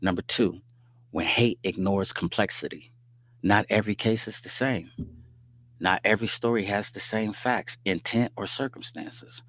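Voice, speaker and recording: Speaking at a normal speed, this man's lowish voice carries a fairly bright tone. He hosts a faith-based livestream on a livestream microphone, mixing preachy points with street slang and joking asides while regularly checking in with listeners by asking "you dig what I'm saying."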